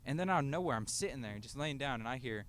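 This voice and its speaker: A man's voice: mid-range voice, lively intonation, fast talker, fairly bright tone, slight background noise. A young man co-hosting a casual podcast on a rooftop, telling stories in a laid-back way with swearing and laughter. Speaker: podcast co-host. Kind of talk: casual storytelling chat. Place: outdoors on a rooftop.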